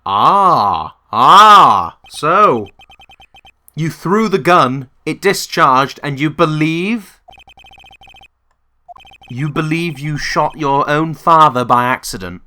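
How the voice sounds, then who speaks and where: Slow, sweary man mocking a game. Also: a little high, expressive, bright, forceful tone. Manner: mocking and sweary, with drawn-out asides. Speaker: video game let's player. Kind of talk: sarcastic gameplay commentary.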